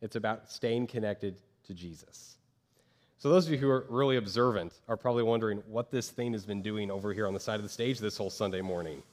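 Male pastor preaching from the stage, animated, keeps slipping into little put-on voices. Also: fairly low pitch, fast. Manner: animated, acts out quoted voices of churchgoers. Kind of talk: sermon. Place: church stage.

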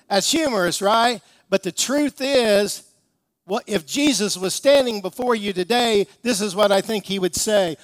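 Male pastor, higher voice, emphatic sermon storyteller who leans on rhetorical questions. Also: a little slow, no room sound.

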